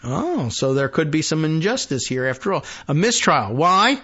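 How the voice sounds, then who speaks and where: A man's voice: fairly high pitch, very animated, moderate pace, sharp tone, breathy edge, lo-fi sound. A man hosting a political talk show, reading news aloud with sarcastic asides and mock quotes. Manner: sarcastic, mocking, acts out imagined quotes.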